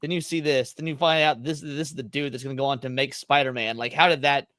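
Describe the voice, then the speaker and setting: A man's voice: mid-range voice, fairly even intonation, quick pace, a bit bright, no echo, studio quality. A man guesting on a movie podcast, blunt and rambling with many restarts. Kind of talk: casual movie chat.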